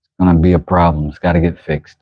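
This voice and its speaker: A man's voice: sits low, flat delivery, fast talker, no room sound, phone-quality sound. A man hosting a livestream from his workshop, chatting casually with viewers and reacting aloud as he works. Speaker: livestream host and knifemaker. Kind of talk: casual livestream chat while working.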